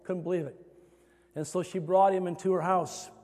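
A male preacher telling a sermon story in a dramatic way, rising to loud emphasis. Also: sits high, steady tone, normal speed, long reverb tail.

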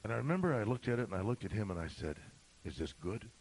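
A middle-aged male pastor telling a story in a sermon, swinging from shouting to a hushed whisper. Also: fairly low pitch, very animated, very fast, gravelly, slight background noise, rough recording.

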